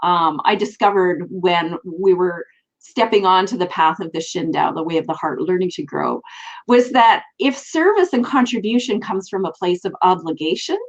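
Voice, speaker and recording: A woman's voice: lowish voice, lively intonation, moderate pace, highs cut off. A woman hosting a live online talk show, speaking in an earnest, reflective way. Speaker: host.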